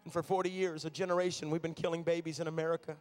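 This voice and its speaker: A man's voice: fairly high pitch, flat delivery, very fast, darkish tone, faint music behind. A man, a traveling minister, preaching a sermon from a stage in a large room, telling stories in a conversational way.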